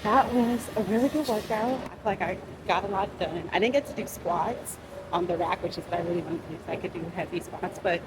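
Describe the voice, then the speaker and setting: A woman vlogging casually to camera outdoors, chatty and upbeat, often addressing viewers as y'all. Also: mid-range voice. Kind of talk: casual vlog chat to camera. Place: outdoors on the street and on a rooftop. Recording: loud street noise behind.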